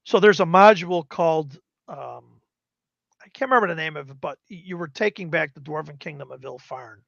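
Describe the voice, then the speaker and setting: A high, gravelly voiced man in his fifties rambles through animated stories from years of tabletop gaming. The sound is dry and dull, like a lo-fi stream mic. He often slips into quick acted quotes of other players. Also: no echo. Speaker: guest gamer. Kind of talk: casual storytelling.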